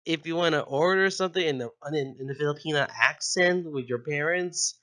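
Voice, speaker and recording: A man's voice: on the high side, normal speed, bright, forceful tone. A young man hosting his own channel, chatting casually, giggling often and drifting into tangents. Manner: giggly, goes off on tangents, corrects himself. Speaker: channel host. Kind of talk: casual rambling commentary.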